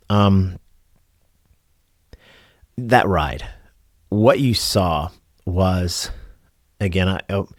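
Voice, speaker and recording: A middle-aged man with a deep, low voice talks earnestly to camera about lessons from his work as a driver. He rambles along with fillers and restarts. The sound is dry and close, with no room around it. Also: husky, dry recording. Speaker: rideshare driver and channel host. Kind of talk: casual reflective talk to camera.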